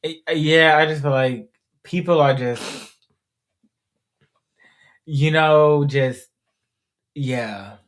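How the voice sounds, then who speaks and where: A young man co-hosting a podcast, speaking casually and haltingly, often searching for words with "you know.". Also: fairly high pitch, a bit bright. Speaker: podcast co-host, the rabbi's son. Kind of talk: casual conversation.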